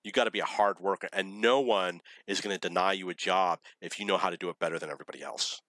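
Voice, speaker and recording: Middle-aged man, lowish bright voice, dry close sound, blunt rambling storyteller. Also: fast talker, dry recording. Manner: blunt, opinionated, laughs at his own stories. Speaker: vlogger telling dating stories.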